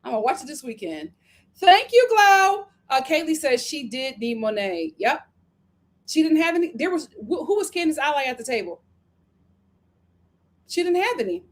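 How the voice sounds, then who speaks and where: A high-pitched woman hosting a relaxed live stream, reading out viewer comments and reacting to them. She talks in an animated, chatty way and plays up her opinions with exaggeration for fun. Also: moderate pace, long pauses. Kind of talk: casual live-stream chat.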